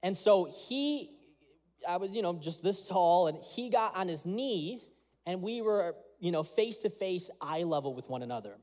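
A man's voice: sits high, expressive, normal speed, a little mellow. A man, a pastor, preaching a sermon with earnest prayer and storytelling.

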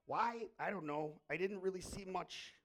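A man's voice: high voice, measured pace, a bit bright. A middle-aged man preaching a sermon as pastor, telling a story emphatically and asking rhetorical questions.

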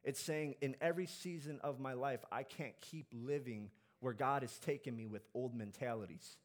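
A male pastor preaching a sermon in church, animated, swinging between loud exhortation and quiet, earnest asides. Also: medium pitch, moderate pace.

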